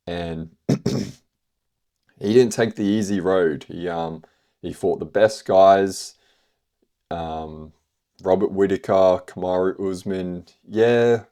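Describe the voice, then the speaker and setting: A deep, mellow-voiced man hosts a casual MMA podcast reviewing fights. He rambles, leaning heavily on fillers like "you know" and "like," with the odd swear word thrown in.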